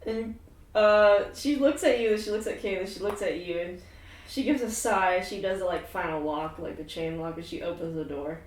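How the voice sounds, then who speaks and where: A woman's voice: fairly low pitch, normal speed, recorded from a distance, slight background noise. A woman running a tabletop game as game master, chatty and laughing, often trailing off with fillers. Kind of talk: narrating a tabletop game with friends. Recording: echoey room, mic from afar.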